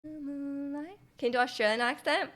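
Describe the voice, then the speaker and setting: A woman's voice: high voice, fairly even intonation, unhurried, a bit bright. A young woman livestreamer in casual chat with her viewers, rambling with lots of fillers and giggles.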